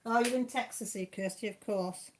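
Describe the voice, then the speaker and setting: A woman's voice: mid-range voice, moderate pace, a little hiss or hum. Chatty Welsh woman reading out live chat. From Wales. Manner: chatty and homely, with mild swearing and British slang. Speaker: live stream host. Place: at home.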